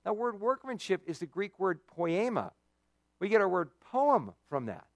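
Animated, folksy male preacher. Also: high voice, moderate pace, creaky, dry recording. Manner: conversational, folksy and animated, with many "you know"s and rhetorical questions. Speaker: pastor. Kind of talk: sermon.

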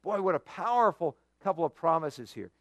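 A male pastor preaching a sermon, telling stories with lively dramatic emphasis. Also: on the high side, normal speed, no echo. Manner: animated storytelling with dramatic emphasis.

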